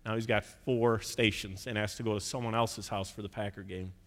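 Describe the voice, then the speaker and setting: A man's voice: lowish voice, fairly even intonation, a little fast, big-room sound, slight background noise. A man preaching a sermon, telling stories and acting out the voices of the people in them. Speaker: pastor.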